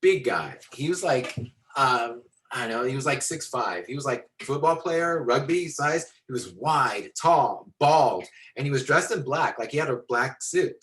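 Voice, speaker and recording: A man teaching storytelling to visual artists, animated and rambling with many fillers and restarts, talking into a computer on a video call. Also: mid-range voice, a little slow, low-quality recording. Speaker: storytelling instructor. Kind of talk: lecture with acted-out anecdote.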